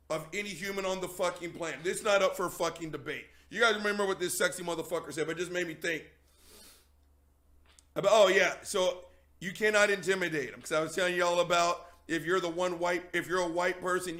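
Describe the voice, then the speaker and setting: A man with a high, bright voice tells a story with heavy emphasis and frequent swearing. He speaks straight to his audience and calls them "gang".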